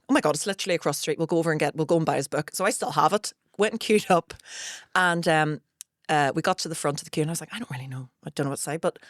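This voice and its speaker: A woman's voice: sits low, no room sound, studio quality. A woman in her thirties hosting a casual comedy podcast, telling stories animatedly and laughing often. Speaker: podcast host.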